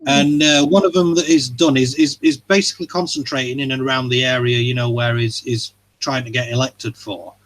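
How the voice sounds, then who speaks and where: A man's voice: mid-range voice, steady tone, brisk, hardly any pauses, a bit bright, rough recording. A man hosting a casual livestream chat, talking in a rambling, hesitant way with lots of fillers and swearing. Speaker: livestream host.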